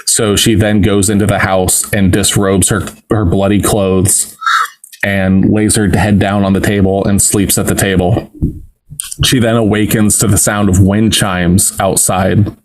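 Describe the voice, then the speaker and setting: Low-pitched male co-host walking through a film scene by scene, loose and casual. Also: flat delivery, measured pace, low-quality recording. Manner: recounts plot step by step with fillers. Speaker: podcast co-host. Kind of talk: casual film recap chat.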